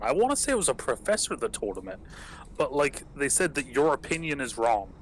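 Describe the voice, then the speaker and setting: A young man from England talks through a casual podcast chat, circling his stories with fillers and frequent swearing. His voice sits at an ordinary middle pitch. A faint hiss of noise runs under the recording. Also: sing-song, fairly quick, rough recording. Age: young adult. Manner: profane, rambling storyteller with many fillers. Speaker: podcast host.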